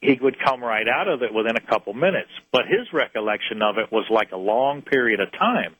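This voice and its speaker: A man earnestly tells an interviewer about a case from his UFO research, pausing and restarting his phrases as he goes. His voice is bright and forceful. It is recorded dry, with no room sound. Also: mid-range voice, animated, husky, no echo, poor audio. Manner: earnest storyteller, halting restarts.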